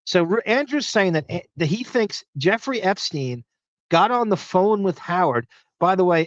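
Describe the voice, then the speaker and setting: Rambling Long Island podcast host. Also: male voice, on the high side, no room sound, muffled recording. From Long Island, New York. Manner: rambling, profane, thinking aloud. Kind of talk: casual live chat reading listener comments.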